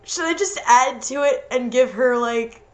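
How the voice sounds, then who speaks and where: A woman's voice: high voice, measured pace. A young woman doing a comedic reading of a story, breaking off into giggly asides. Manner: giggly, interrupts herself with asides. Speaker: reader and co-host. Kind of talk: comedic dramatic reading with commentary.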